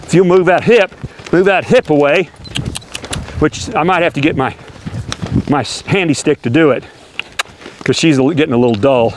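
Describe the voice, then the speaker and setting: A man's voice: on the high side, normal speed, pauses often, background noise. Man coaching while training a horse. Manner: explains step by step, asks rhetorical questions. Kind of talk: hands-on teaching while working a horse.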